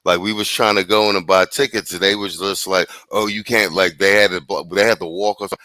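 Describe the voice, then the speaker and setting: A man hosting a casual live-streamed podcast, telling a story in animated, slangy talk with frequent laughs and restarts. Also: deep voice, a little fast, no echo. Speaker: podcast host.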